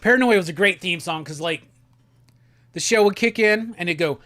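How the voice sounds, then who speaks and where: A man's voice: high-pitched, bright, forceful tone, dry recording. Laid-back man hosting a live stream. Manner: laid-back, slangy, quick bursts when reading comments. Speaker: livestream host. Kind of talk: casual livestream chat, reading viewer comments.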